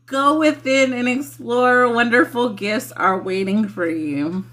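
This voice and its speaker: A woman's voice: fairly high pitch, heavy background noise. A woman giving a casual spiritual livestream message, chatty and loose, laughing often.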